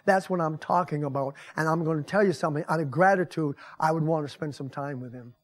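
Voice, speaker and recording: A man's voice: on the high side, fast talker. An older man, a pastor and grandfather, preaching a folksy, conversational sermon to his congregation in a church. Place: church sanctuary.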